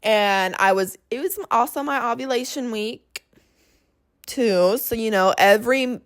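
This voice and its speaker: A woman's voice: a little high, a little slow. A young woman hosting her own podcast, telling a personal story in a chatty, dramatic way and slipping into quoted voices. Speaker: podcast host. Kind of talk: casual storytelling monologue.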